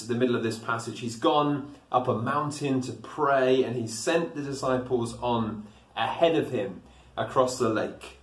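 A man preaching a sermon in a church, earnest and reflective as he explains the passage. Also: medium pitch. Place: church building. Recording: echoey church, distant mic.

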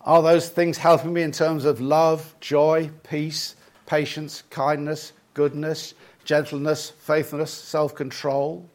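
An older man preaching a sermon in a reflective, halting way, with many restarts and lists spoken slowly and softly. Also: a little high, level tone. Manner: leads the congregation through lists in a soft slow voice.

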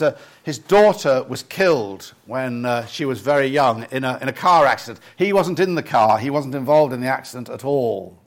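Older male preacher, somewhat high-pitched, reflective sermon delivery with frequent restarts. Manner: reflective, halting with many restarts; leads the congregation through lists in a soft slow voice.

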